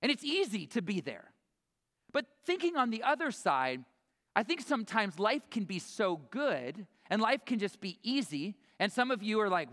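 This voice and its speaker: High, bright-voiced pastor preaching casually. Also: male voice, very animated, normal speed, in a large hall. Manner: conversational, self-interrupting preaching with quoted asides. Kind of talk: sermon. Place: church sanctuary.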